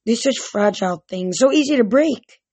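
A reader voicing a menacing female monster disguised as a cheerleader, taunting and drawn-out in an amateur audiobook reading. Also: mid-range voice, animated, a little mellow, husky, no room sound.

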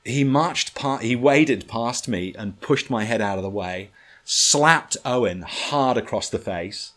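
A man telling a lively anecdote in casual talk, swearing freely and acting out what others said. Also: fairly low pitch, slow. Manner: animated, swearing, acts out others' lines. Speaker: storyteller guest.

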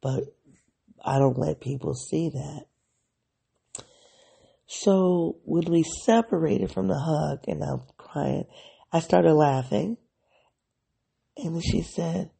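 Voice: mid-range voice, slow, vocal fry, pauses often, mellow, husky. A podcast host speaking candidly in a reflective solo diary episode, thinking aloud and analyzing their own feelings.

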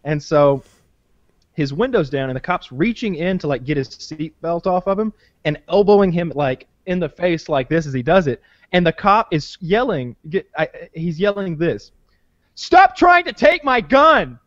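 A man's voice: on the high side, expressive, moderate pace, dry recording, muffled recording. A man in casual chat, telling a long story with lots of restarts and swearing. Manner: rambling, profane storyteller, many restarts.

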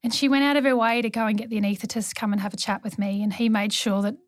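A woman's voice: on the high side, steady tone, racing, no echo. A woman who works as a neonatal nurse practitioner, a guest on an interview podcast, telling her stories in an earnest way. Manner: warm storytelling, earnest. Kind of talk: conversational interview.

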